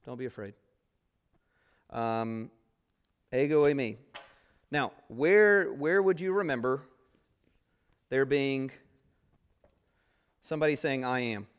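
A man's voice: medium pitch, animated, takes it slowly, pauses often, clean tone. A man teaching a Bible class, reading scripture aloud and explaining it in a conversational way with many fillers.

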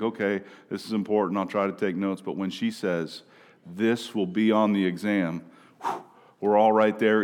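A man from Minnesota preaching a sermon in a conversational way, often asking "right?" and moving between quiet and loud passages. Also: medium pitch. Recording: long reverb of a large room.

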